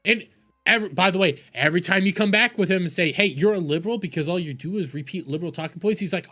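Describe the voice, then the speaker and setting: A man's voice: high voice, quick pace, sharp tone. A man ranting profanely in a heated, mocking commentary as a streamer reacting to videos.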